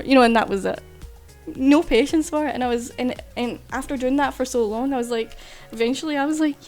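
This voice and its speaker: A woman's voice: on the high side, fast, soft background music. A woman artist chatting casually while streaming, rambling and swearing freely. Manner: chatty, loose, swears casually, frequent fillers. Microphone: desk mic while streaming.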